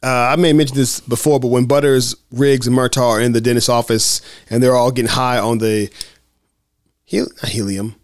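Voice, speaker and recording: A man's voice: medium pitch, fairly even intonation, a little fast, no room sound, clean studio sound. A man hosting a casual film commentary podcast, acting out movie quotes with laughs. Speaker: podcast host.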